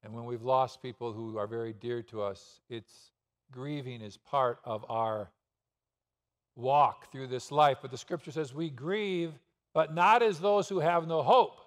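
Long church-hall reverb surrounds this man's unhurried, medium-pitched voice as he preaches from the sanctuary. He asks rhetorical questions and presses each point with sudden force.

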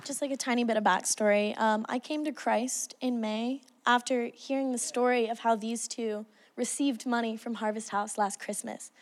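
A woman's voice: on the high side, steady tone, moderate pace, few pauses, a faint crowd, slight background noise. A woman earnestly sharing her testimony at a church gathering. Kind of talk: casual spoken testimony.

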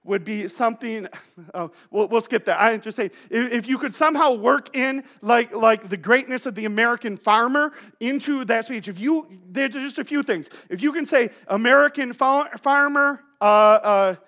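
A man's voice: very high voice, moderate pace, sharp tone. A male pastor giving a sermon in a conversational, joking way, telling playful stories to his congregation.

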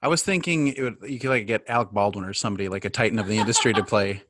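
A man's voice: lowish voice, racing, a bit bright, dry recording, clean studio sound. A man hosting a podcast, earnest and appreciative as he chats with his guest. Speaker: podcast host. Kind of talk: casual interview chat.

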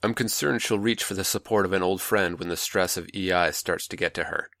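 A man playing a manipulative older male mentor, calm, patronizing and coaxing, in a dry close recording. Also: sits low, brisk, vocal fry, no room sound, heavily acted.

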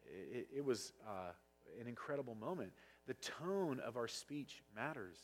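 A man delivers a sermon in a husky, slightly breathy voice at an ordinary middle pitch. He preaches with passion and now and then gets loud. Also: sing-song, normal speed. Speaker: pastor. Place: church sanctuary.

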